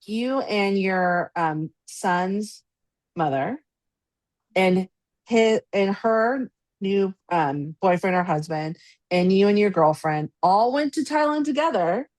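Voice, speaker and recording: A woman's voice: medium pitch, lively intonation, slow pace, a little mellow, no room sound. A woman hosting a podcast interview, chatting casually and affirming her guest often. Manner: supportive, frequent backchannel agreement. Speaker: podcast host.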